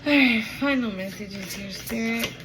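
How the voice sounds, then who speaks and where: A woman's voice: fairly high pitch, unhurried, heavy background noise. A woman giving a casual, emotional spiritual card reading to her viewers, repeating herself and swearing now and then. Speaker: tarot reader.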